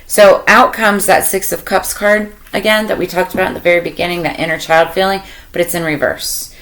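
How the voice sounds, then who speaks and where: A woman with a low voice talks through a tarot reading. She meanders and thinks out loud, filling her pauses with ums and you-knows, in an easy, casual way. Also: fairly even intonation, poor audio. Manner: meandering, thinks aloud with many fillers. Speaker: tarot reader.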